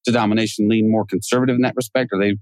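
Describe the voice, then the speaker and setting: Low-voiced chatty male podcast host. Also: little pitch movement, rapid-fire, a little mellow, dry recording. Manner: chatty, joking, laughs often. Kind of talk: casual conversational interview.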